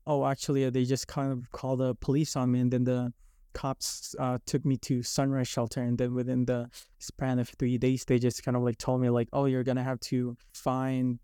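Rambling young man, mellow low-key voice. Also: monotone, normal speed, clean tone, no room sound, clean studio sound. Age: young adult. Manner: rambling, many likes and restarts. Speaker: podcast guest telling his story. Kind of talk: casual podcast chat.

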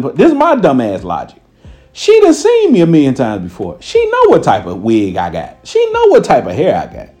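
Animated man telling a comic story. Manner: animated, swings between loud quoted voices and low asides. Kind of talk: stand-up style storytelling.

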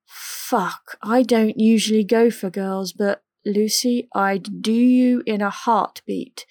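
A woman's voice: mid-range voice, fairly even intonation, slow, a little mellow, dry recording, clean studio sound. A woman reading a cheeky young woman.

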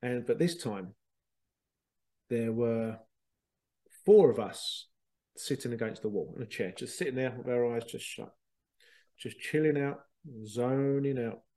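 A man, a spiritual medium hosting a show, telling stories in a chatty, animated way with laughter and the odd swear. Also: mid-range voice, unhurried, pauses often. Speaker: spiritual medium and podcast host. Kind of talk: casual storytelling.

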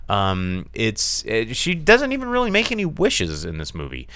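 A man hosting a casual film review show, talking with lots of fillers, restarts and big swoops in pitch. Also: big pitch swings, normal speed, few pauses, a bit bright, clear, resonant tone, no room sound. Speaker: film review podcast host.

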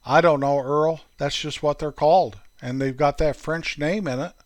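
A man voicing Forky, an earnest, goofy high school freshman boy, in a raised voice. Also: fairly even intonation, moderate pace, no echo, natural voice.

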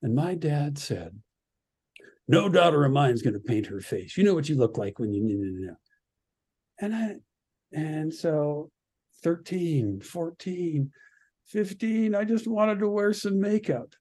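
A man from Canada, a radio producer and podcast guest, telling an animated story and acting out the voices of the people in it. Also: a little high, measured pace. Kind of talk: animated anecdote in a podcast interview.

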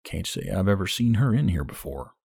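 A man's voice: sits low, big pitch swings, brisk, creaky, darkish tone, slightly rough, no room sound, exaggerated voice. A man voicing an easygoing male bartender with a dry, offhand manner.

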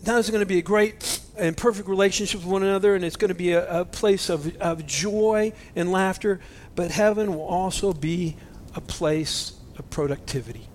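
A man preaching a sermon, animated and emotional, swinging between loud exclamations and hushed near-whispers. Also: sits high, moderate pace, few pauses, slight background noise. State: choked up with emotion. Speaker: pastor.

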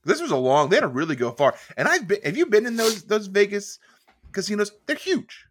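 A man's voice: high-pitched, very animated, fairly quick, slight background noise. A man co-hosting a podcast, chatting casually and jokingly, dropping lots of "like" as he talks. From New Jersey. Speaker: podcast co-host. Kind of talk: casual chat.

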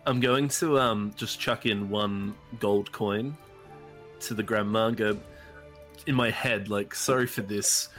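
A man playing a tabletop game, playful and quick to laugh. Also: fairly low pitch, fairly even intonation, a bit bright, faint music behind. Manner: playful, laughing, hammy in character. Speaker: player.

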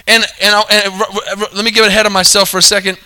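A man's voice: high voice, flat delivery, fast talker, bright, forceful tone, clear, resonant tone. A man preaching a sermon, calling for amens, repeating his points and correcting himself mid-sentence. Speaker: pastor.

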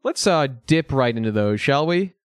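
Profane joking podcast host, dry voice. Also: male voice, medium pitch, lively intonation, moderate pace, clean tone, no echo. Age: 20s. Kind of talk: casual chat.

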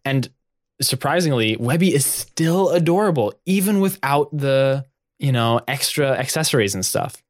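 Male game master, mid-pitched, narrating scenes, dry close sound. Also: lively intonation, moderate pace, no echo. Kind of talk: narrating a tabletop role-play.

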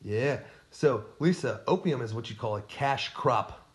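Playful male podcast co-host, middle pitch, chatty, asks his partner quiz questions. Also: animated, unhurried. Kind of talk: casual history podcast chat.

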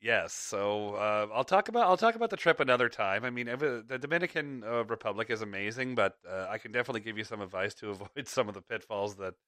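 Bright, crisp-voiced male podcast host. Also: on the low side, lively intonation, fast, hardly any pauses, no echo, studio quality. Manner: rambling, chuckling between thoughts. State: slight clicky voice from ear infection. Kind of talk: casual podcast chat.

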